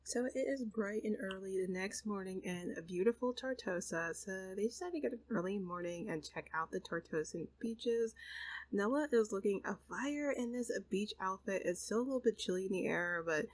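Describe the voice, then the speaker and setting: A woman's voice: mid-range voice, expressive, moderate pace, low-quality recording. A woman hosting and casually narrating a life-simulation game story, chatty and full of fillers. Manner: chatty, full of fillers like kinda and you know. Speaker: host and storyteller.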